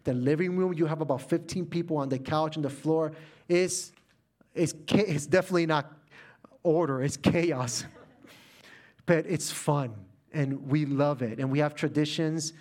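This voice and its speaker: A middle-aged man from Puerto Rico giving a sermon, telling a personal family story with animated delivery that turns soft and quiet in heartfelt moments. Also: fairly high pitch, measured pace. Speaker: preacher.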